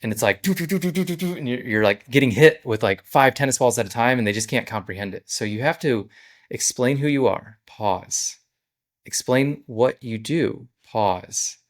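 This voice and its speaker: A man's voice: medium pitch, moderate pace. A man who owns a business, explaining his sales process in a casual, conversational vlog. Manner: conversational, walks through steps plainly. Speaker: business owner.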